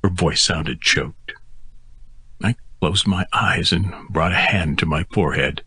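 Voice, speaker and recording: A man reads a first-person audiobook in a steady, intimate way. His voice is very deep and markedly husky, with a bright, forceful edge. The close mic sounds dry. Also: no room sound. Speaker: audiobook narrator.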